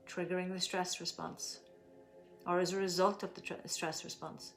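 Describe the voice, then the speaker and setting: A middle-aged woman leading a guided tapping session, giving slow, soothing instructions and stretching out repeated affirmations. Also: lowish voice, little pitch movement, vocal fry, faint music behind. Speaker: tapping and breathing teacher.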